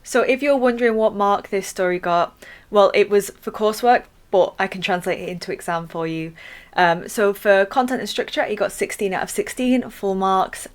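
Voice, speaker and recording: A woman teaching a writing lesson, walking her viewers through a student's story. She explains it clearly and reads short passages aloud, in a voice of ordinary pitch. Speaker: English teacher.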